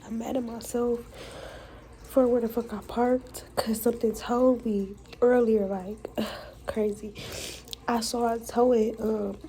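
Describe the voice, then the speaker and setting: A young woman speaks to her camera in a personal vlog, venting with blunt, profane frankness. Her voice sits a little high and carries a gravelly fry. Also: flat delivery, slow, warm tone, low-quality recording. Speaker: vlogger.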